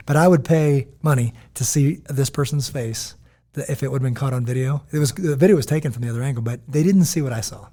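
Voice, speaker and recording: Animated American man with a mellow voice. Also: mid-range voice, fast talker. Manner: animated storytelling, quotes others in lively voices. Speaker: podcast co-host. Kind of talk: casual chat.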